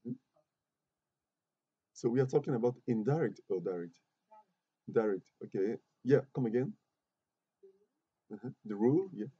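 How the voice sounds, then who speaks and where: A man teaches grammar to a class, his voice very dark and a little husky. He talks patiently, repeats his words and keeps checking that everyone follows. The recording is dry and muffled, with little room sound. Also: medium pitch, animated, normal speed, long pauses, dry recording. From Côte d'Ivoire. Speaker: English teacher.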